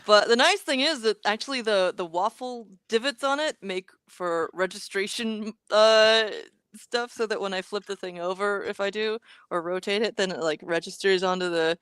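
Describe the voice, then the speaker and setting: A woman's voice: mid-range voice, normal speed, fairly bright tone, clear, resonant tone, no echo. A woman co-hosting a live hardware build stream, chatting casually and thinking aloud, muttering half to herself as she works through things, with a playful, slangy way of talking. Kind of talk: casual chat.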